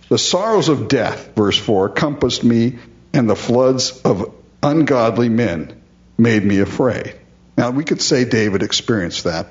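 A man's voice: on the low side, muffled recording. A man preaching a sermon, addressing the congregation directly and building to emphatic rises on key words. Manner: addresses listeners directly as "folks". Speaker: pastor.

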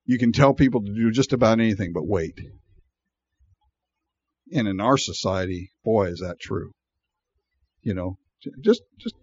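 A man's voice: fairly low pitch, moderate pace, long pauses, husky, no room sound, lo-fi sound. A man preaching a sermon in a conversational way, acting out the people in the story and laughing often. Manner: animated and conversational, acting out voices with frequent laughs. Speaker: pastor.

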